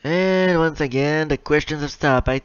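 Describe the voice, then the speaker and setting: A young man hosting a casual live question-and-answer stream. He reads viewers' questions out loud and answers them in a chatty, self-mocking way. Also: fairly high pitch, moderate pace, clear, resonant tone, no echo. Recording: slightly dull lo-fi mic, dry.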